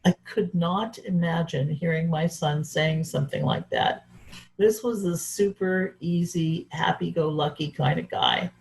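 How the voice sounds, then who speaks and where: A woman's voice: low voice, a little slow, creaky, low-quality recording. A woman speaker giving an earnest, reflective talk about her own life. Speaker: event speaker. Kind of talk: personal storytelling talk.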